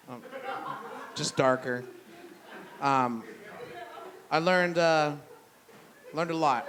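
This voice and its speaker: A man's voice: medium pitch, a bit bright. Blunt, profane stand-up comedian man. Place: brewery venue with live audience. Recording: noisy live room.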